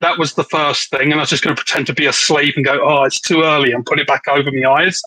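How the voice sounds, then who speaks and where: A man's voice: a little high, steady tone, fast, sharp tone, slightly rough, low-quality recording. A man with an English accent chatting on a live stream, joking and rambling with lots of "like". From England. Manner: joking, rambling, says "like" often. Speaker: livestream co-host. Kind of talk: casual live chat.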